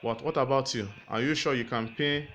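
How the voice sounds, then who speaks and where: A man's voice: medium pitch, fairly even intonation, a little fast, highs cut off, background noise, close to an everyday voice. Batman as a man doing a testy trader. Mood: plain. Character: impatient male superhero betting trader. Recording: music playing underneath.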